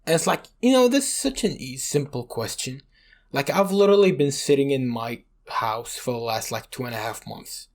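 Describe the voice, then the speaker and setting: A young man from Iraq co-hosting a podcast, telling stories in a rambling, swear-filled way and leaning on "you know". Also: medium pitch. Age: young adult. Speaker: podcast co-host. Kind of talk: casual chat.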